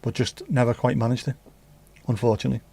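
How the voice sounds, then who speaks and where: A man's voice: medium pitch, fairly even intonation, fast talker, gravelly, mellow, slightly rough. A man hosting a livestream, chatting casually and reading out viewer comments with rambling, jokey asides and free swearing. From England. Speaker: livestream host.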